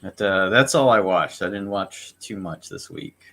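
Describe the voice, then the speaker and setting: A man's voice: low-pitched, animated, moderate pace, a bit bright. A man co-hosting a podcast, talking in a laid-back, easygoing way in casual chat. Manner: laid-back, hedging with fillers. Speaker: podcast co-host.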